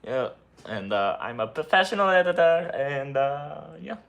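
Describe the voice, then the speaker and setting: A man doing a loud mock-Italian editor. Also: very animated, normal speed, creaky, full character voice. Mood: rambling, defensive. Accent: put-on Italian. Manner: loud, higher, rambling with many uhs. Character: mustached male Italian video editor, put-upon and rambling.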